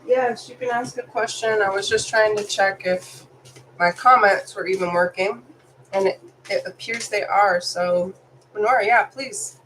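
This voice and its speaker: A woman's voice: medium pitch, fairly even intonation, unhurried, a bit bright, a little hiss or hum, low-quality recording. A woman who is sick, doing a live tarot reading for viewers, chatty and apologetic, reading card meanings aloud. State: sick, congested. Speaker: tarot reader.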